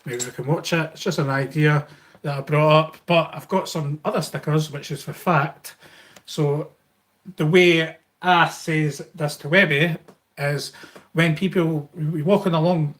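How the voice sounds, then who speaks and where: A man's voice: a little high, fairly even intonation, a little slow, fairly bright tone. A middle-aged Scottish man hosting a live Q&A stream, talking in a rambling way with many fillers and restarts as he thanks viewers. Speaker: YouTube channel host.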